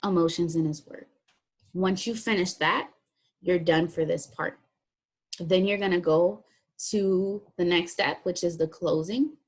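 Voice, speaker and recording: A woman teacher with a slightly husky voice explains a writing task one step at a time. Her voice sits a little low, and her delivery stays plain and practical as she reads out instructions. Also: steady tone, unhurried. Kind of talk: recorded classroom lesson walkthrough.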